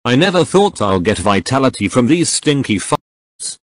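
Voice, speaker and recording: A man's voice: mid-range voice, sing-song, normal speed, no room sound. A man voicing a brash, hot-tempered young male hero who snaps crude insults, in a fan audio drama reading. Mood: gruff.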